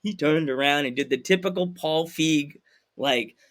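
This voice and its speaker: A man hosting a podcast, telling a story in a lively, animated way and acting out the people in it. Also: fairly high pitch, a little slow. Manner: animated, acts out voices in anecdotes. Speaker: podcast host. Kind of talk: casual storytelling chat.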